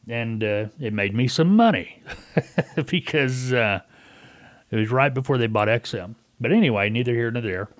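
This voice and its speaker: Speaking at medium pitch with no room sound, a middle-aged man hosts talk radio from a dry close mic. He chats casually in a folksy monologue, spinning stories and voicing his callers' words in quotes.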